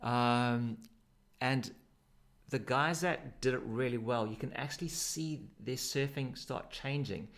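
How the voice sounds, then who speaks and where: A man's voice: mid-range voice, slow, fairly bright tone. A man with a South African accent, a surf coach talking casually and explaining technique with demonstrations. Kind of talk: casual instructional chat.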